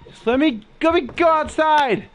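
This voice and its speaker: A man's voice: very high-pitched, normal speed, a little hiss or hum. A young man giving frightened, swearing commentary while playing a horror game and talking to his viewers. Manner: jumpy, swearing, talks to viewers. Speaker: gaming video host. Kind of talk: scared let's-play commentary.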